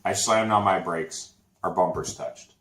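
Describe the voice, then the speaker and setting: A man co-hosting a casual chat show, telling a story with lively acted-out quotes. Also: deep voice, measured pace, a loud crowd. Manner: animated storytelling, acts out quotes. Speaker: podcast co-host. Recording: echoey room.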